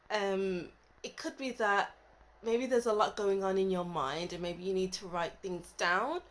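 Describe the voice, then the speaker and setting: A woman's voice: mid-range voice, poor audio. Musing woman reading tarot cards. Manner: thinking aloud, musing, trailing off mid-thought. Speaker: tarot reader. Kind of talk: casual tarot reading to camera.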